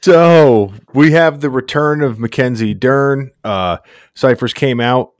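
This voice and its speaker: A man's voice: medium pitch, slow pace, no echo, clean studio sound. Laid-back slangy man talking fights. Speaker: podcast co-host. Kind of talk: casual sports chat.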